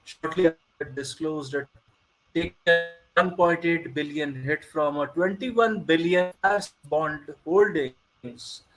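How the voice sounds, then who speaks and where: A man with a high voice reads a news piece aloud, slow and deliberate. He stumbles and restarts lines as he goes, talking over an online call. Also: fairly bright tone, rough recording. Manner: reads slowly with halting restarts. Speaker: co-host reading a news article. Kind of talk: casual group chat, reading aloud.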